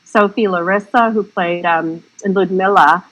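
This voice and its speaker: A woman's voice: mid-range voice, a little slow, fairly bright tone, low-quality recording. A woman guest on an interview podcast, chatting casually and rambling through her stories. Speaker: guest filmmaker.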